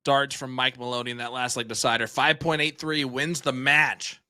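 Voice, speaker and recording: Bright-voiced excitable darts commentator man. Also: mid-range voice, normal speed, dry recording, clean studio sound. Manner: excitable, chatty, lots of fillers. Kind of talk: casual live commentary. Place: small streaming room.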